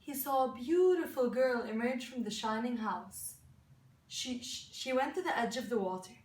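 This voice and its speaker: A woman telling a folk story aloud, halting and restarting words, asking her listeners questions. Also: fairly high pitch, animated, darkish tone. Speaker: student storyteller. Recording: echoey room, mic far off.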